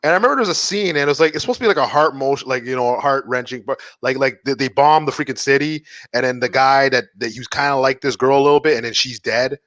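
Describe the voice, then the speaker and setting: A man from Montreal co-hosting a comedy podcast, talking excitedly and filling his stories with "like". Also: mid-range voice, no room sound. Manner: excitable rapid talker, lots of "like". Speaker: podcast co-host. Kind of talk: casual comedy chat.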